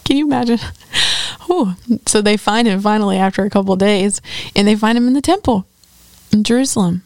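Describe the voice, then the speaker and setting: Earnest woman teaching Bible study, gravelly. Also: medium pitch, brisk, darkish tone, no room sound. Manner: conversational, earnest, quoting scripture dramatically.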